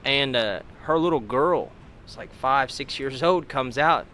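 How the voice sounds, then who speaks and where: A young Kentucky man with a bright, forward voice who rambles through a story in an easygoing interview. He leans on fillers and chuckles between lines, in an accent from his home state. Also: medium pitch, a little slow, slight background noise. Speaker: guest, demolition derby driver.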